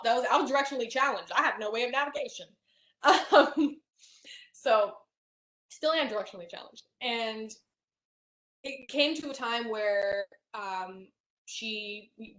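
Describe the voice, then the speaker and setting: Young woman, halting, in a roomy echo. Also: medium pitch, a bit bright. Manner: halting, many fillers and restarts. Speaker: hypnosis client. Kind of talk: emotional personal account.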